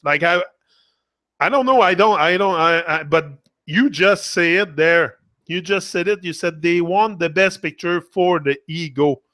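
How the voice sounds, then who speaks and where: A man's voice: high-pitched, measured pace, bright, forceful tone, no room sound, clean studio sound. A man with a Quebec French accent in a casual, rambling live monologue as a motivational streamer. He swears freely and talks back to a viewer.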